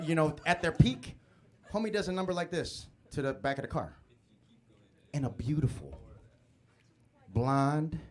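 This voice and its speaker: A young man from Chicago performs a live stand-up set in a comedy club, telling a story with animated delivery and stammering restarts. His voice is a little high.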